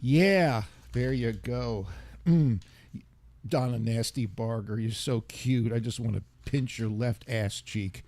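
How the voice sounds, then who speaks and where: A man's voice: mid-range voice, slow pace, darkish tone, soft background music. An older man hosting a radio show, chatting casually and rambling as he reads listener comments aloud. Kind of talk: casual DJ chat.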